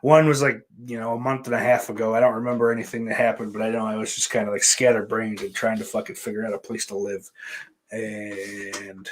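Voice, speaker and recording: A man hosting a solo podcast, talking in a loose, rambling, heavily profane way with sudden loud bursts. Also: lowish voice, level tone, brisk. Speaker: podcast host.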